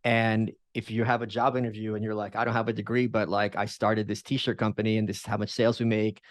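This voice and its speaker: A man talking in a casual conversation, emphatic, with quick asides and restarts. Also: on the low side, little pitch movement, no echo, studio quality.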